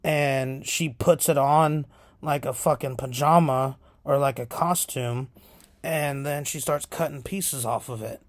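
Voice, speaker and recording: A man hosting a podcast, casually retelling horror film scenes in a profane, animated way. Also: medium pitch, measured pace, no echo. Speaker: podcast host.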